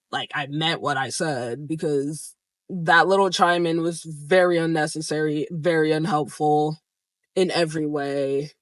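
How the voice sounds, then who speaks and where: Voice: mid-range voice, a bit bright, no room sound. A young adult vlogger telling a story in a casual, candid way, swearing freely and laughing now and then.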